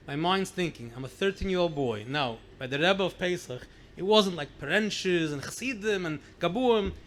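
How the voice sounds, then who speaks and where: A man in his sixties with a New York accent, a rabbi telling stories at a gathering, acting out the dialogue and mixing in Yiddish phrases. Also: high-pitched. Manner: animated, acts out dialogue, mixes in Yiddish phrases. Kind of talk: storytelling talk at a gathering.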